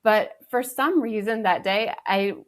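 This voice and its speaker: A woman's voice: mid-range voice, measured pace. Reflective woman podcast guest. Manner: reflective, careful storytelling with fillers. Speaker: podcast guest, energy healer. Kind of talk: casual podcast chat.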